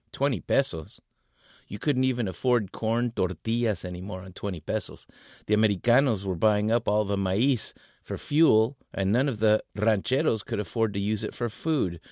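A male author reading his novel aloud in an expressive way, voicing the characters. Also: fairly low pitch, creaky, dry recording, clean studio sound.

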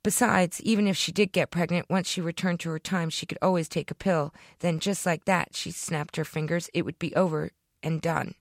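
A woman reading her own short story aloud in a deadpan storytelling manner, close to the microphone. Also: fairly low pitch, normal speed, gravelly, few pauses, dry recording. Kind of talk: fiction reading.

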